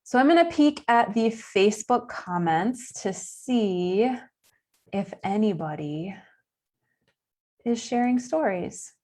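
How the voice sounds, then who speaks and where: A young woman teaches children about animal senses over a live stream. Her pitch sits in the middle range, and her delivery is chatty and playful, with little laughs at her own jokes. She sounds like a camp educator talking from home. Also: expressive, slow, a little mellow. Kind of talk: live-streamed kids' science lesson.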